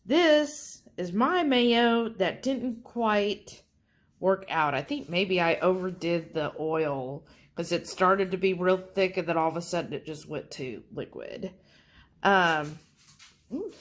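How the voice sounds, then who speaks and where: Slow-talking woman vlogger. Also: lowish voice, lively intonation. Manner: chatty, folksy, warmly addresses viewers as y'all. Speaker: keto food vlogger. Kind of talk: casual vlog chat.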